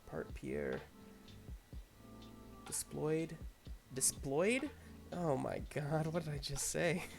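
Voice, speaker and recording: A man hosting a casual livestream, muttering quietly to himself as he concentrates on painting a miniature. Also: fairly high pitch, wildly swooping pitch, measured pace, gravelly, music in the background. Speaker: host.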